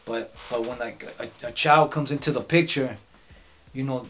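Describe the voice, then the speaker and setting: Rambling man with halting restarts. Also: medium pitch, fairly bright tone, a little hiss or hum. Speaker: podcast guest, rapper. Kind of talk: casual sit-down interview. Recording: dull lo-fi podcast audio.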